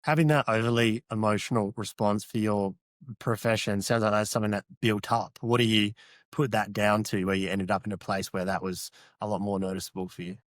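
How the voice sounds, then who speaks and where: Low-voiced male interviewer. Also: steady tone, a little fast, no room sound, studio quality. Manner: brief, encouraging prompts.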